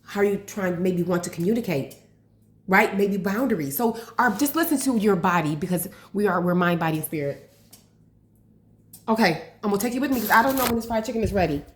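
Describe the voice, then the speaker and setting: A woman vlogging casually while cooking, nervous and excitable, gasping and saying "oh gosh" often. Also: medium pitch, brisk. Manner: chatty, nervous and excitable, lots of gasps and "oh gosh". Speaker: health and life coach, vlogger. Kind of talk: casual home cooking vlog. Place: home kitchen. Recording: echoey kitchen with faint frying noise.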